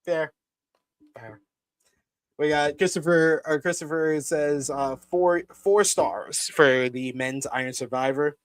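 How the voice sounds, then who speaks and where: Dude reading live chat on his wrestling review stream, kinda high voice, dry close sound, gets loud and swears. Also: takes it slowly, dry recording. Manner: animated, swears when ranting.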